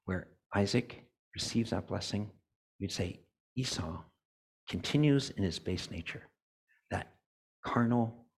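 A church elder preaches in a loose, conversational way and slips into the voices of the people he describes. His voice is low and gravelly, with a husky edge. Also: unhurried, long pauses. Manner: conversational preaching, acts out characters' thoughts, apologetic asides. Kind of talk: sermon.

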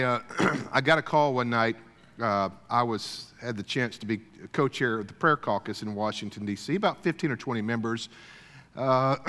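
A middle-aged man gives a folksy, storytelling sermon, often clearing his throat and restarting his sentences. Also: medium pitch, fairly bright tone. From Deep South, USA. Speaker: speaker at a church gathering. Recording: long hall reverb.

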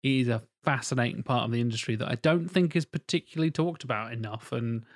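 A man co-hosting a casual podcast chat, telling animated stories and swearing freely. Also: medium pitch, quick pace. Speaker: podcast co-host.

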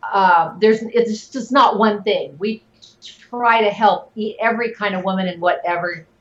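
A woman's voice: mid-range voice, measured pace, dull audio. A middle-aged woman giving advice as an interview guest, talking earnestly with lots of fillers. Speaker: guest, network marketing leader. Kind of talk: casual interview talk.

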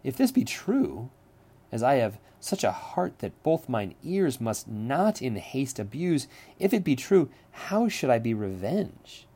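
A man reading the lines of a virtuous, clear-sighted young princess, lifting his voice into pleading questions. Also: medium pitch, big pitch swings, unhurried, mellow, full character voice.

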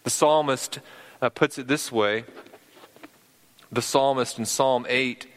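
A man's voice: mid-range voice, fairly even intonation, slow pace, in a large hall. A male pastor preaching a sermon, earnest and often repeating words as he works through a point.

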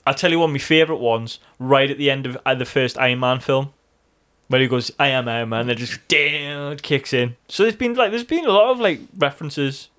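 A man co-hosting a podcast in casual chat, animated, swearing freely and acting out excited reactions. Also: mid-range voice, fairly quick, clear, resonant tone. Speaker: podcast co-host.

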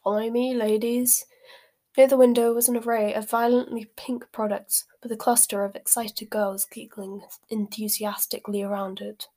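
A woman's voice: mid-range voice, level tone, normal speed, hardly any pauses, warm tone. A woman reading a novel aloud as an amateur, apologising for her slips. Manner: apologetic, self-deprecating slips. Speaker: amateur reader.

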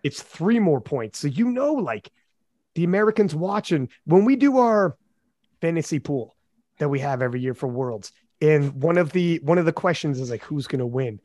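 A man hosting a casual podcast chat, animated and quick with asides. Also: on the high side, no echo, studio quality. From Canada. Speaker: podcast host.

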